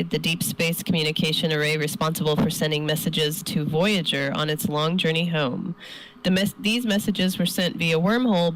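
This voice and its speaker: Chatty woman co-host, easy laughter, faint noise in the background. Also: deep voice. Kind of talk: casual podcast chat.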